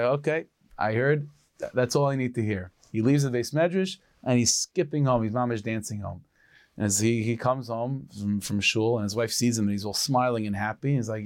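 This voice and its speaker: A rabbi telling a traditional story in an animated way, sprinkling in Yiddish and Hebrew words. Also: male voice, mid-range voice, dry recording, studio quality.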